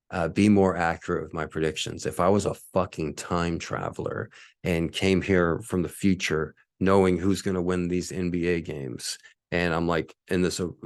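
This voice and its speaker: Low-voiced man rambling on his podcast. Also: no room sound, studio quality. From Hawaii. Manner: rambling, profane, with many fillers and restarts. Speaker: podcast host. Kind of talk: casual solo podcast monologue. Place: apartment.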